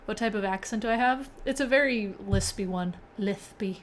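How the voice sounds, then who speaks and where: Talking a little fast in a mid-range voice, with slight background noise, a young woman hosts a casual coding stream. She keeps up a chatty back-and-forth with viewers, reading their messages aloud and laughing often.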